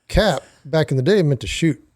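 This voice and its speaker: A man's voice: fairly high pitch, expressive, normal speed, darkish tone, no echo, clean studio sound. A man co-hosting a casual podcast chat, wry and laughing, often restarting his sentences. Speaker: podcast co-host.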